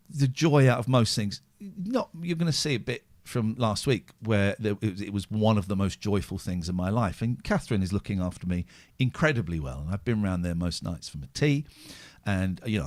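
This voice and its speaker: A man's voice: lowish voice, no room sound. Drained man swearing with raw emotion. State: exhausted and drained. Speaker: podcast host. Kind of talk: candid podcast chat.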